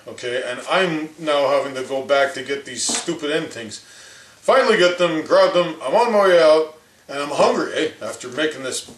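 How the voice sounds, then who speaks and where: Man putting on a loud opinionated older hockey pundit, rambling rant, slightly high voice, echoey room. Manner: ranting, rambling, folksy asides. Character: blustery older male hockey commentator, opinionated. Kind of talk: comedic impression rant.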